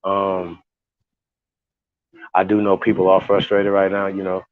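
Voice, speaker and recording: A man's voice: low voice, completely flat delivery, a little slow, no echo. A man hosting a casual livestream, talking to viewers in a heated, profane, rambling way with many restarts. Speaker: livestream host. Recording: dull lo-fi sound.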